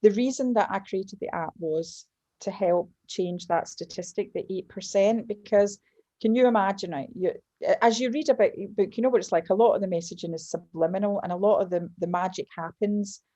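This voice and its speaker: A Scottish woman in her fifties, a guest telling lively stories in casual chat, often breaking off and restarting her sentences. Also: mid-range voice, a little fast. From Scotland. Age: 50s. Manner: lively storyteller, self-interrupting and restarting. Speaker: guest, business mentor and author.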